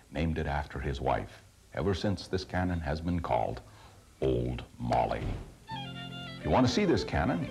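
A very deep, gravelly male voice with a New England accent, telling a story with measured, dramatic pauses. His pitch swings widely as he builds the tale. Light music sits underneath. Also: darkish tone. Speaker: host. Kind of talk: storytelling narration.

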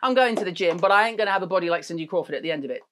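A woman's voice: on the low side, expressive, very fast. A middle-aged woman, hosting a beauty product chat in a blunt, sweary, jokey way. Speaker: beauty show host. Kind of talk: casual chat reviewing products.

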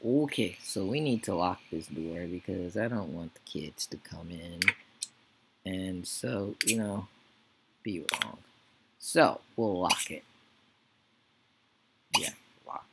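A low-voiced man with a gravelly, fry-heavy tone drawls his way through casual gameplay commentary. He mumbles half to himself and chats to the characters in the game. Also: animated, slow, pauses often, very noisy. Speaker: Let's Play gamer.

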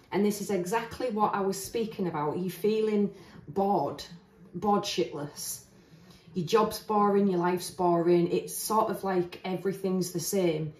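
A woman doing a casual tarot reading. She talks in a chatty, earnest way and thinks aloud with restarts. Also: mid-range voice. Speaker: tarot reader. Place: indoors, standing at a table of cards. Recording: roomy echo, voice heard from a distance.

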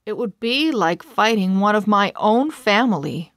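A woman's voice: medium pitch, expressive, a little slow, dry recording, clean studio sound. A woman voicing an earnest, lovestruck young man in a storybook read-aloud, with a pleading delivery.

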